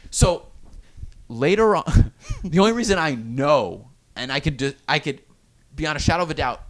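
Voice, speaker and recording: A man tells a war-story-style anecdote in an animated way. His voice sits high and jumps all over the place. He laughs often and plays out the shouts and whispers. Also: normal speed. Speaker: guest, Navy veteran.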